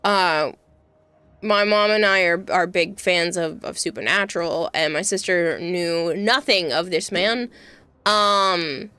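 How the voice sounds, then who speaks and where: A woman's voice: lowish voice, clean tone, no room sound. Laughing woman streamer telling stories. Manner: animated, laughs often, quick asides. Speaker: livestream host. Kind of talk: casual storytelling chat.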